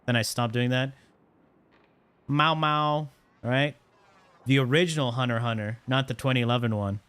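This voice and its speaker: A man streaming live, chatting casually in a rambling, excitable way with quick blunt opinions. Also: medium pitch, clean tone.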